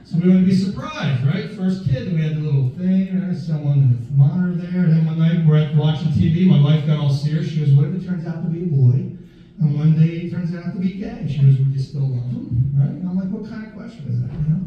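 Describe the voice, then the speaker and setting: A man's voice: on the high side, fairly quick. A middle-aged man doing a stand-up comedy set with a brash, chatty, punchy delivery full of asides, recorded live in a comedy club from a distance. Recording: live club recording from far off, echoey, dull, with a loud crowd. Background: audience laughter.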